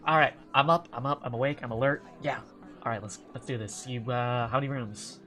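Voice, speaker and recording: A man's voice: mid-range voice, steady tone, fairly quick, over loud music, lightly acted. A man voicing a friendly, scatterbrained female orc barkeep in a tabletop game, chatty and flustered. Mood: perking up.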